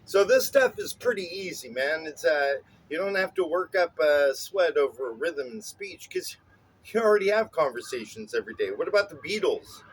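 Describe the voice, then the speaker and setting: A man's voice: fairly high pitch, lively intonation, normal speed, breathy edge. A man teaching songwriting in a casual spoken lesson, explaining loosely with many "uh"s and "right?"s. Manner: loose explaining with many fillers and tag questions.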